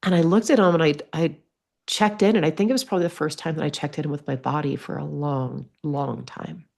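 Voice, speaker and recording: Woman guest, low voice, lively storytelling, acts out quoted voices. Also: brisk, creaky. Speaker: podcast guest. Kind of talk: storytelling in conversation.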